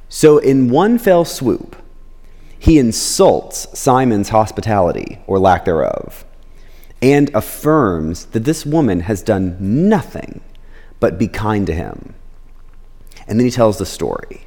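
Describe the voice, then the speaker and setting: A man gives a sermon in a relaxed, conversational way, keeps asking his listeners "right?", and leaps up in pitch when he acts things out. His voice is very lively and swings a lot. A long reverb trails each line, as in a large hall. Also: takes it slowly. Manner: acts out quotes with big pitch jumps. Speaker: pastor.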